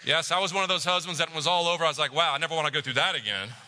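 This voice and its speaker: A male pastor delivers a sermon with a bright, forceful tone and a fairly high voice. He tells stories with animation and sinks to a quiet hush for the reflective parts. His voice rings with the long reverb of a big hall. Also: racing. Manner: animated storyteller, drops to a hush for reflective moments.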